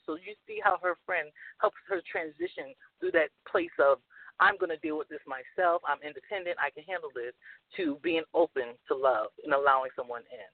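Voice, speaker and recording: Animated woman on a tinny phone line. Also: fairly low pitch, creaky. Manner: animated, laughs often, emphatic. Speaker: guest author and life coach. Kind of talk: casual radio interview.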